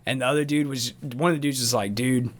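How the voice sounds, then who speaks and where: A man co-hosting a podcast, telling a story in a profane, animated way and acting out his own screams. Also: medium pitch, fast, a little hiss or hum. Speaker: podcast co-host.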